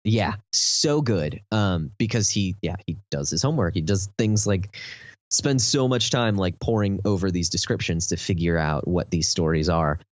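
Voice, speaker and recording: A man with a Texan accent and a very low voice talks through a topic in loose, rambling podcast chat, full of fillers. The sound is dry and close, with a slightly dull, muffled tone. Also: moderate pace, no echo. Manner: rambling, lots of fillers, enthusiastic explaining. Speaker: podcast host.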